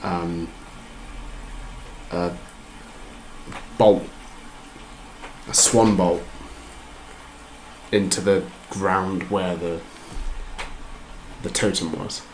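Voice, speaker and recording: A man playing in a tabletop game, talking slowly and wryly. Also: low-pitched, steady tone. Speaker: player. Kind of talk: casual tabletop play. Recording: noisy home recording.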